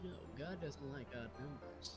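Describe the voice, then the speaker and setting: A woman's voice: very deep voice, normal speed, breathy edge, faint music behind. A woman chatting casually on a game stream, blunt and cracking crude jokes. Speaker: co-player on a stream. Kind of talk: casual chat while playing a game.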